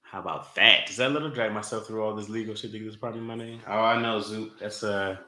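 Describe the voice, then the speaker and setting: A man's voice: on the low side, steady tone, fast talker, bright, forceful tone. A man hosting a casual livestream, greeting viewers by name and chatting loosely. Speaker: livestream host. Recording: echoey room with faint noise.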